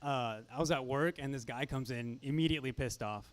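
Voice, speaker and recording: A man's voice: medium pitch, brisk. Young male stand-up comic, nervous and self-deprecating, chatting with the crowd between jokes. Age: young adult. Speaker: stand-up comedian. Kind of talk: stand-up set.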